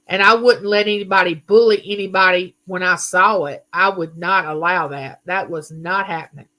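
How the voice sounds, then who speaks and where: This livestream host is a middle-aged woman with a lowish, sharp-toned voice. She welcomes viewers to her live chat and reads their comments aloud.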